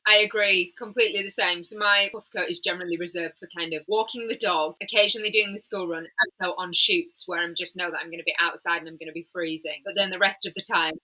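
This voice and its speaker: Bright-voiced Yorkshire woman host. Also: on the low side, fairly even intonation, fast, few pauses, poor audio. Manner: enthusiastic, effusive. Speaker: podcast host. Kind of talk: casual fashion chat.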